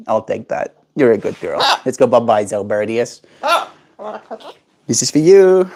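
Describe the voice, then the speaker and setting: A man's voice: medium pitch, animated, a little slow, long pauses, mellow. A man livestreaming casually, chatting to his pet bird in sing-song baby talk and reading viewer chat aloud. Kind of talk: casual live stream chat.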